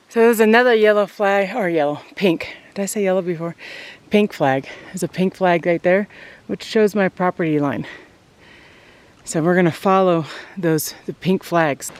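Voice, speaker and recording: A vlogger talking casually to viewers while hiking up a snowy mountain slope, out of breath from the climb and laughing often. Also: mid-range voice. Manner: chatty, addresses viewers directly, laughs often. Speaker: vlogger showing their land. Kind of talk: casual walk-and-talk to camera. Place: outdoors on a snowy mountain hillside.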